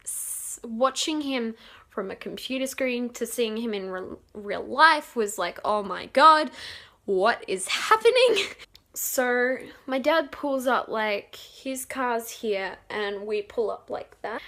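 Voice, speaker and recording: A young woman telling a rambling, excited storytime, giggling and acting out quotes loudly. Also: fairly high pitch, takes it slowly. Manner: excitable, giggly, acts out quotes with bursts of loudness; rambling with many fillers and restarts. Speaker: vlogger. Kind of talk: casual storytime.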